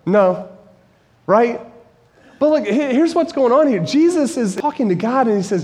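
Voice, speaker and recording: A man's voice: extremely high pitch, animated, a little slow, darkish tone. A man in his forties giving a conversational sermon, earnest and storytelling, rising to emphatic peaks. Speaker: preacher and high school Bible teacher. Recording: long reverb of a large hall.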